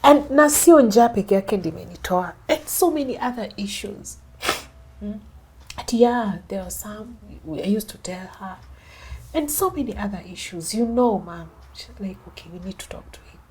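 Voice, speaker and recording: Husky-voiced Kenyan woman telling her story. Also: mid-range voice, animated, normal speed, darkish tone. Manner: mixes English and Swahili, acts out others' lines. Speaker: interview guest. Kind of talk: emotional personal storytelling.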